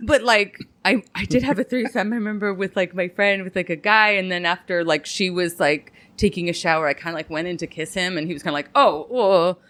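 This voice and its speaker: A woman's voice: lowish voice, fast talker, hardly any pauses, no echo. A young adult woman comedian, a podcast guest, telling a story with lots of swearing and self-mockery. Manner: animated storytelling with acted quotes and laughs. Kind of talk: casual podcast chat.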